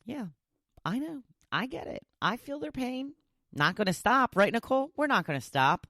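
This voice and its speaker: A woman's voice: on the high side, big pitch swings, moderate pace, a bit bright, no echo, studio quality. A woman hosting a solo podcast, chatting casually and animatedly, often laughing as she talks. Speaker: podcast host.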